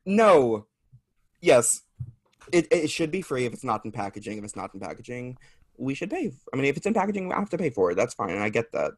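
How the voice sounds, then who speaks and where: A man's voice: mid-range voice, very animated, fairly quick, husky, dry recording, studio quality. A man chatting as a podcast guest, rambling and self-deprecating, laughing often. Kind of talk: casual chat.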